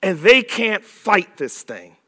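High-voiced, emphatic male preacher. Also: big pitch swings. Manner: emphatic, repeats phrases, drawn-out words, rising to shouts. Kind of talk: sermon.

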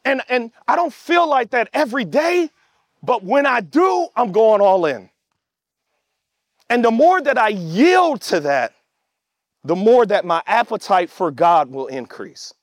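A man preaching a sermon, emphatic, calling out to the congregation and shouting at the peaks. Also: very high voice, very animated, unhurried, no echo, studio quality. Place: church service with online audience.

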